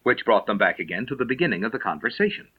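A man narrating an audiobook in an expressive storytelling manner, recorded in dull lo-fi. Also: lowish voice, quick pace, breathy edge.

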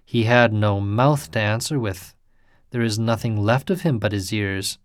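A man voicing a grim, gruff male ghost warrior who calls out savagely and mutters in a deep voice. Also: measured pace, dry recording, studio quality, natural voice. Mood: grumbling. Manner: calling out harshly, then muttering.

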